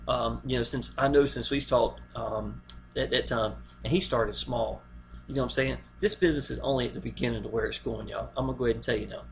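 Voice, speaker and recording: A man's voice: medium pitch, steady tone, fast talker, creaky, fairly bright tone, slight background noise. A man, promoting a network marketing plan in a folksy, rambling way and talking straight to the viewer. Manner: folksy, rambling, keeps saying "y'all". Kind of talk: casual video pitch.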